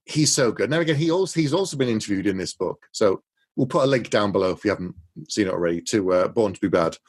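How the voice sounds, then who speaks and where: A man's voice: fairly low pitch, expressive, fast talker, breathy edge. Guy cohosting, casual chat, acts out movie lines while retelling scenes. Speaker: podcast co-host.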